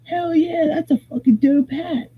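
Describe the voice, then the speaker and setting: A storyteller putting on an excited young dude. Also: high voice, unhurried, voice pushed up. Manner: slangy, excited. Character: laid-back young male festival dude. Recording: tinny phone-like audio.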